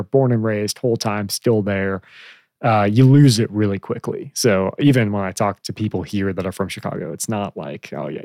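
A man in casual podcast chat, talking in a relaxed, rambling way with fillers. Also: fairly low pitch, gravelly, no echo.

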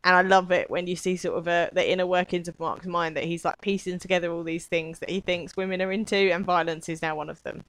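A woman's voice: lowish voice, steady tone, fast, hardly any pauses, a bit bright, no echo, poor audio. A British woman co-hosting a podcast, chatting casually and ending remarks with tag questions. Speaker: podcast co-host. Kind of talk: casual chat recapping a show.

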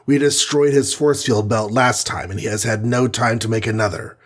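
A man with a husky voice voicing a matter-of-fact male armored hero in an audiobook reading. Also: medium pitch, steady tone, moderate pace, natural voice. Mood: analytical. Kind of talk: audiobook character voice.

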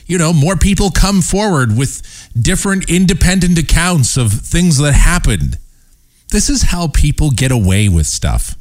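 A man's voice: fairly high pitch, dry recording. A man hosting his own show, talking in a mocking, sarcastic commentary monologue. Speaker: show host.

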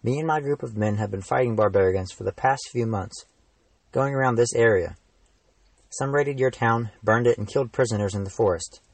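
A teenage man voicing a calm, friendly knight in a storybook reading, speaking in a measured way. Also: mid-range voice, vocal fry, dry recording, recorded from a distance, rough recording. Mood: earnest. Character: calm, friendly adult knight, steady and patient.

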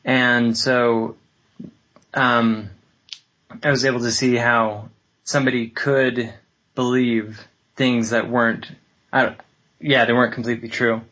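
A man's voice: mid-range voice, little pitch movement, pushed and bright. Thoughtful male guest on dull lo-fi audio. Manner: thoughtful, measured, pausing with fillers. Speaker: interview guest. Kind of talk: reflective conversation.

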